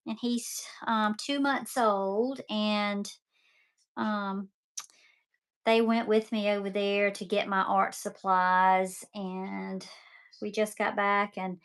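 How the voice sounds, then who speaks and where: A woman's voice: medium pitch, fairly bright tone, clear, resonant tone. A talkative woman in her fifties with a Southern accent from Mississippi, chatting casually while selling art kits on a live stream.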